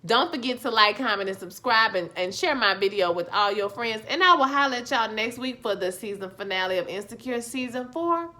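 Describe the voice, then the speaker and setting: A woman with talks through a TV episode recap in a lively, sassy way. Her voice sits high and bright. She exclaims freely and speaks straight to her viewers. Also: brisk, hardly any pauses. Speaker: YouTube TV recap host. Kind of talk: casual spoken show review.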